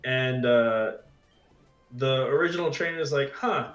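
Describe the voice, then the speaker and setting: Animated young man telling stories, echoey room. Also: fairly high pitch, lo-fi sound, soft background music. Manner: animated storyteller, does quick character voices. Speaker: gaming co-host. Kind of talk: casual chat over gameplay.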